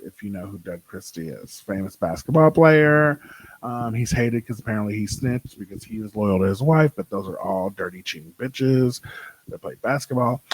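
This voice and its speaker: A young man hosting his own show, chatting casually with a sassy, profane, animated way of telling stories. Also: medium pitch, no echo, rough recording. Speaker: podcast host. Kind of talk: casual solo chat.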